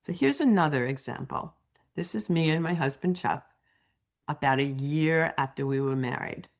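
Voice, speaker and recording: Low-voiced older woman telling stories. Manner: warm storytelling with personal anecdotes. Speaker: EFT tapping teacher. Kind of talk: presenting a slideshow talk.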